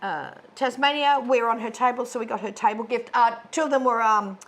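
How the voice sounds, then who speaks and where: A woman co-hosting a stitching channel, chatting casually and rambling with many fillers and restarts, seated on a bed in a dark room. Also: a little high, a little fast, a little hiss or hum. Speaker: co-host of a stitching video channel. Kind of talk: casual chat. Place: dark bedroom, sitting on a bed.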